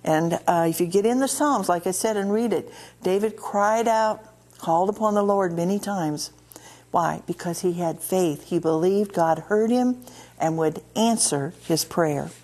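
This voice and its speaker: A woman with a Midwestern American accent hosting a TV ministry and teaching from the Bible, earnest, slowing down and repeating key words of scripture. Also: lowish voice, a little mellow. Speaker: TV ministry host. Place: TV studio.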